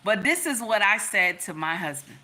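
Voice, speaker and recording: A woman's voice: mid-range voice, lively intonation, moderate pace, pushed and bright. A woman giving relationship advice through a personal story, emphatic, repeating lines and calling her listeners y'all and baby.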